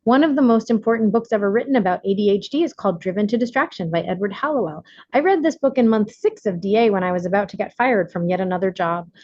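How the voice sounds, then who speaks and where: A woman reading her own self-help book aloud in an earnest, measured, deliberate way. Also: mid-range voice, darkish tone, dry recording, dull audio.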